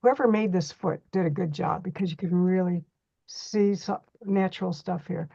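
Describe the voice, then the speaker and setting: A woman's voice: lowish voice, normal speed, gravelly, mellow, husky, dry recording, dull audio. A middle-aged woman teaching a hands-on reflexology workshop, chatty and folksy as she demonstrates on a model foot.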